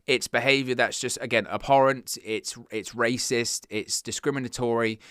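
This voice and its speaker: Guy doing wrestling news, bright crisp voice, dry sound, trips over his words when fired up. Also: mid-range voice, fairly even intonation, normal speed, no echo. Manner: earnest, stumbles over words when worked up. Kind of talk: casual news commentary.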